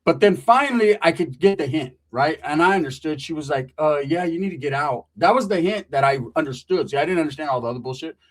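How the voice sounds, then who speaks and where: A middle-aged man spins a profane comic story full of slang and swagger. His voice sits a little higher than most men's. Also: lively intonation, fast talker, few pauses. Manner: swaggering, slangy, swears constantly. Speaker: stand-up comedian.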